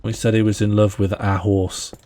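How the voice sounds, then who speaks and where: A man's voice: lowish voice, little pitch movement, normal speed, dark tone, slight background noise. A man live-streaming a video game, chatting playfully with his viewers and friends, laughing often and talking to himself as he plays. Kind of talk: casual live-stream chat while gaming.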